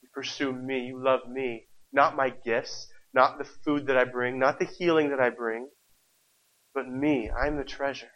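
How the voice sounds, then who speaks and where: A man's voice: medium pitch, steady tone, a little slow, a bit bright. A married man preaching a sermon with passion, repeating phrases and asking the congregation rhetorical questions. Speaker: pastor. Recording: dull lo-fi recording.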